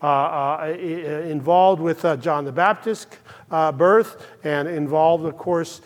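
A man's voice: on the high side, unhurried, in a large hall. An older man preaching a sermon in a church, earnest and emphatic, his voice rising to exclamations. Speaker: pastor.

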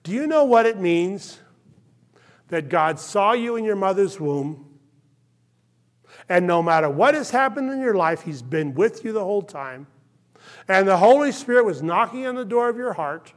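A male pastor preaching a sermon, impassioned and then hushed, checking in with "okay?" often. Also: sits high, lively intonation, normal speed. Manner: impassioned, drops to hushed tones, frequent "okay?" check-ins.

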